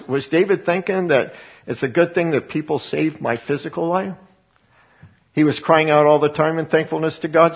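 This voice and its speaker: A man's voice: a little high, husky, muffled recording. A man teaching the Bible as a sermon, who talks emphatically and asks and answers his own questions. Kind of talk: preaching Bible study.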